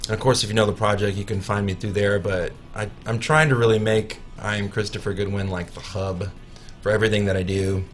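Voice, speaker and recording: A man's voice: lowish voice, steady tone, soft background music. A man, a musician guest on a radio show, chatting casually in a studio, joking about himself and restarting his sentences often. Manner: joking, self-mocking, halting restarts.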